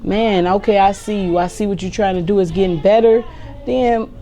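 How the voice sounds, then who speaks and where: A woman in her forties hosting a podcast, talking casually about raising kids with a sarcastic, animated way of telling stories. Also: mid-range voice, moderate pace, slight background noise. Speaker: podcast host.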